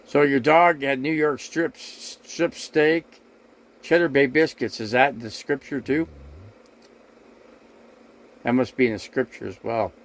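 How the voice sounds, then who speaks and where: Man, livestream host, RV, casual chat to viewers, rambling, repetitive, defensive, mid-pitched. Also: steady tone, slow pace, pauses often, poor audio.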